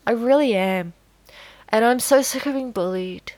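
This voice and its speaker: A woman's voice: fairly high pitch, normal speed, darkish tone, dry recording. A burnt-out woman talking casually to camera, rambling and self-deprecating, acting out little conversations in quoted voices. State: tired, burnt out. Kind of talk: casual vlog monologue.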